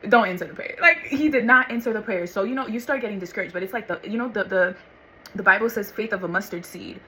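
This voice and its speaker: A woman telling her personal faith testimony in a casual, animated way, calling listeners honey and y'all and acting out what others said. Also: mid-range voice, fast talker, slight background noise, poor audio. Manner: animated, acts out voices of others and God. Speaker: vlogger sharing faith testimony.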